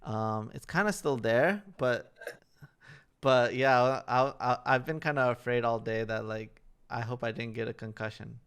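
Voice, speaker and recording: Young man, podcast co-host, smooth clear voice, laid-back rambling chat. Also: mid-range voice, unhurried, fairly bright tone. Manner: rambling, filler-heavy storytelling. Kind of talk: casual chat.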